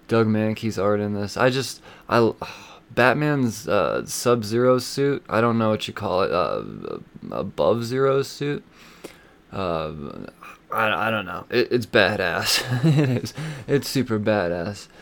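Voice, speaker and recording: A man hosting a podcast, casually reviewing comic books in a rambling, excitable way, with lots of fillers and swearing. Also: fairly low pitch. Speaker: podcast host.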